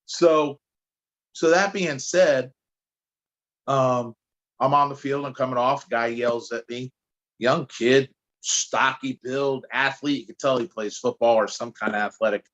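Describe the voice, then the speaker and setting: A podcast guest from New Jersey who speaks out against drugs shares stories in an animated, chatty manner with stumbling restarts. The sound is lo-fi, and he uses a medium pitch at a measured pace.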